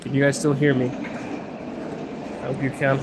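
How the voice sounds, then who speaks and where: A man's voice: medium pitch, monotone, takes it slowly. A man hosting a casual live stream while walking through a metro station, chatting directly to his viewers and recording on a handheld phone. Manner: chatty, talks straight to viewers. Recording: loud background noise from the metro. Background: metro and street noise.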